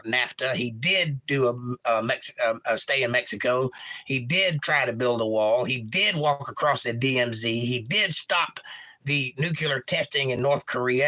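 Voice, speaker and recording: Bright-voiced man reading his chat. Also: mid-range voice. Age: young adult. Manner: reads chat messages aloud with wry asides. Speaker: livestream host reading chat. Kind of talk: casual chat.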